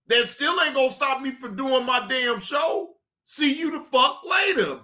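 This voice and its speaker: A reaction streamer delivers a heated, profane rant straight to the chat, repeating curt goodbyes and breaking into shouted bursts. The voice sits high and bright, and the talk moves at an unhurried, drawn-out pace. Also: animated. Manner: repetitive dismissive sign-offs. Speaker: livestream reaction host.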